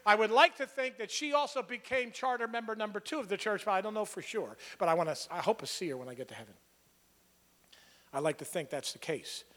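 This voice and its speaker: A man's voice: extremely high pitch, fairly bright tone, in a large hall. A man preaching an expository sermon, earnest and conversational, building to emphatic points. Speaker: pastor.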